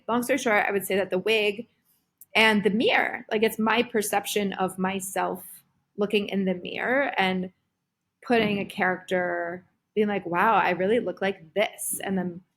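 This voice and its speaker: A woman in her thirties talking casually as a podcast guest, animated, with lots of "like" and "um". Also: medium pitch, moderate pace. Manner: animated, full of fillers like "like" and "um". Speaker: guest, performer and creative director.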